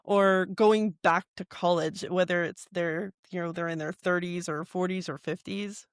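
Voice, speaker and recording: A woman's voice: on the low side, steady tone, moderate pace, clear, resonant tone, no room sound, studio quality. A woman hosting a podcast, chatty and affirming as she asks her guest open questions. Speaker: podcast host. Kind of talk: casual interview conversation.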